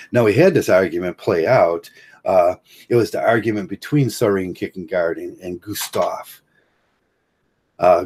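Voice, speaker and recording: A man from Ohio talks in a loose, rambling livestream monologue, stopping and restarting his sentences. His voice sits very low and has a husky, slightly rough grain. A Midwestern American accent colors his speech. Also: darkish tone. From Ohio, USA. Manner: halting, many fillers and restarts, chuckles often. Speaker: livestream host.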